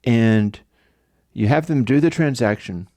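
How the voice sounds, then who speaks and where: At a measured pace, a man chats casually on his livestream, rambling through a story as host. His medium-pitched voice has a dark tone, and the recording is dry.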